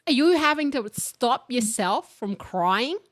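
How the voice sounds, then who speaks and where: A woman chatting on a podcast, her voice sitting a little high and sounding close and dry on the mic. She tells stories with lots of energy and jumps into a sharp, scolding voice when she imitates her mum. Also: takes it slowly, dry recording. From Australia. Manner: animated storytelling, acting out her mum's scolding voice. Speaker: podcast co-host. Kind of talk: casual chat.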